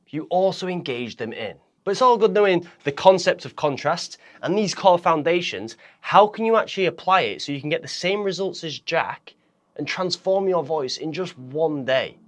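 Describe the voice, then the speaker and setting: A man teaching public speaking to camera, addressing the viewer directly in an energetic way and deliberately swinging his pitch, volume and pace to demonstrate each point. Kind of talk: instructional talk to camera.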